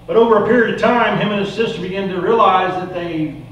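A man telling a folksy parable as part of a sermon, in an animated, casual way. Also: high-pitched, fast talker, dull audio, slight background noise. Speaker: preacher. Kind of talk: sermon storytelling. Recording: echoey room, mic far off.

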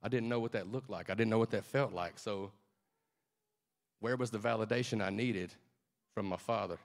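A man's voice: lowish voice, moderate pace, creaky. A male preacher delivering a fervent, conversational sermon that turns to emotional personal storytelling.

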